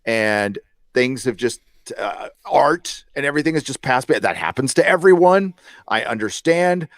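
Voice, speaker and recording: A man's voice: medium pitch, expressive, normal speed, no echo. A man co-hosting a casual podcast chat, talking in a blunt, sarcastic and profane way. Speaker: podcast co-host.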